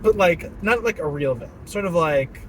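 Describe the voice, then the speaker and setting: Casting: young man, lively swooping delivery, slightly high voice, car and road noise behind. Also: normal speed, low-quality recording. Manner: animated, laughing often, puts on silly voices. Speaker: vlogger. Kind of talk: casual rant while driving. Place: in a car at a stoplight.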